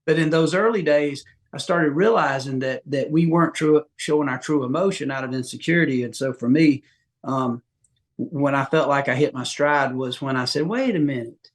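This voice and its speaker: A middle-aged man from Georgia with a Southern accent, a podcast guest telling folksy, animated stories and acting out quotes. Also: fairly high pitch, moderate pace. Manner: folksy, animated, acts out quotes with big voice jumps. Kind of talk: casual storytelling interview.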